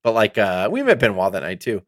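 Rambling, excitable middle-aged man. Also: lowish voice, brisk, dry recording, studio quality. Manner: rambling, excitable, heavy swearing. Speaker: podcast co-host. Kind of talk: casual chat.

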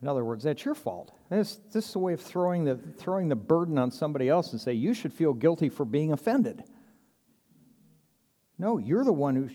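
Warm and mid-range, the pastor's voice rings out in a big-room acoustic. He preaches in an earnest, chatty manner, voicing short quoted back-and-forths and chuckling occasionally.

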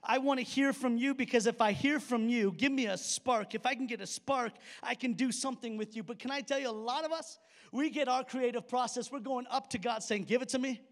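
High-voiced animated male preacher. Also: a little fast, in a large hall. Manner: animated, conversational preaching with rhetorical questions. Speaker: pastor. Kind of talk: sermon. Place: church auditorium stage.

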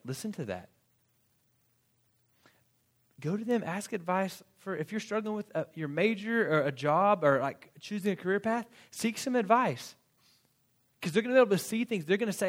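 A man preaching a sermon in a casual, animated way, with quick asides and acted-out quotes. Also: fairly high pitch. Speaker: pastor.

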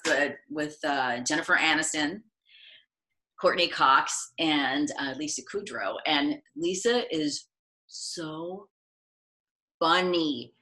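A middle-aged woman from the United States, chatting as an interview guest and telling stories, acting out quotes in lively voices. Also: low voice. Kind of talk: casual interview storytelling.

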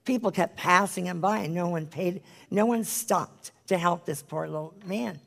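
A Bible study leader with a gravelly, creaky edge to a mid-pitched voice. They teach and pray with earnest, pleading conviction, sometimes sinking into a hushed near-whisper. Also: normal speed. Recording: live-streamed group Bible study.

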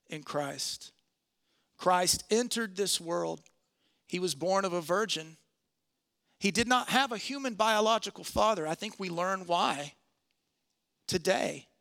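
A man preaching a sermon in church, earnest, slowing and softening on key phrases. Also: high voice, vocal fry, smooth.

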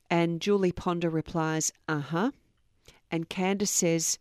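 A woman's voice: lowish voice, steady tone, measured pace, darkish tone, no echo, studio quality. A middle-aged woman hosting a true crime podcast, reading out quotes earnestly and adding personal asides. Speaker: podcast host.

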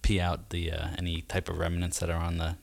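A man co-hosting a podcast, explaining things in casual chat with hesitant pauses. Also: sits low, completely flat delivery, creaky. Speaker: podcast co-host.

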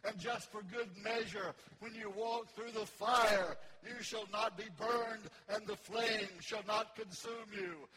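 A breathless pastor alternates loud, fervent sermon passages with softly sung lines in church. He is a man with a high voice, captured on poor audio.

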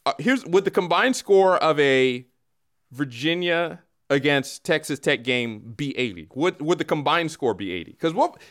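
A man co-hosting a casual sports talk show, animated and incredulous. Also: fairly high pitch, a little slow. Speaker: podcast co-host.

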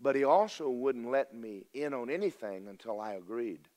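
Here a preacher, an older man with a drawl, tells a homespun story from the pulpit at a moderate pace. His mid-range voice has lively intonation, and his folksy delivery swings from ringing emphasis down to near-whispers.

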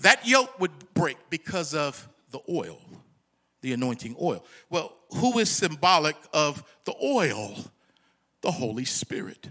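A man preaching a sermon as pastor, swinging between loud, high exclamations and low, quiet asides. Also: very animated, unhurried. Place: church sanctuary.

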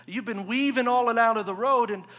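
A man voicing a police officer in a joke, speaking briskly and firmly. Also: very high-pitched, pushed and bright. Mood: stern. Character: patrolling police officer, growing frustrated. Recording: echoey church hall.

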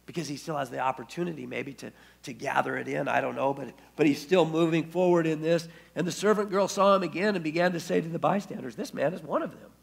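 A man's voice: a little high, creaky, husky. A man preaching a sermon as pastor, telling the story and acting out the quoted speech. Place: church.

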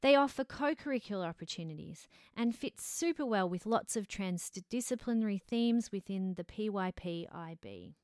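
A woman, a drama teacher answering interview questions in a measured, explanatory way. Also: mid-range voice, animated, darkish tone, smooth, dry recording, clean studio sound. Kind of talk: scripted-sounding interview answers.

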